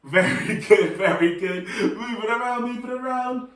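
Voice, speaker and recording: A man's voice: extremely high pitch, measured pace, a bit bright. A man leading a children's movement and relaxation workshop, upbeat and encouraging, with playful sing-song call-outs. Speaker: workshop leader. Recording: roomy sound, voice from some distance.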